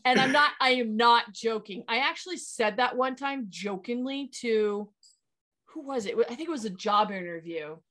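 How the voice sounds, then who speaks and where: A woman co-hosting a podcast, trading quick, joking banter. Her voice is bright and forward, pitched a little high. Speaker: podcast co-host. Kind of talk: casual podcast chat.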